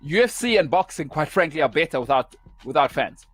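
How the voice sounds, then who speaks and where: A man's voice: a little high, very animated, fairly quick, fairly bright tone, husky, soft background music. A man hosting a sports show, delivering an opinionated rant in emphatic, punchy short phrases.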